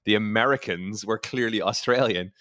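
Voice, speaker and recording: Lowish guy, wry chatty storyteller, swears a bit, dry close mic. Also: normal speed, bright, forceful tone, dry recording. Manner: wry, self-deprecating storyteller, swears casually. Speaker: podcast guest. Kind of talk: casual chat.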